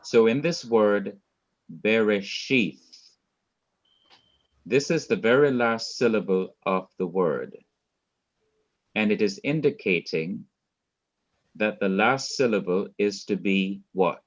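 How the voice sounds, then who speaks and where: A man with a Jamaican accent teaching a Hebrew lesson, speaking deliberately, repeating key words and quizzing his students. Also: lowish voice, animated. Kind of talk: online Bible language lesson. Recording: dull lo-fi sound.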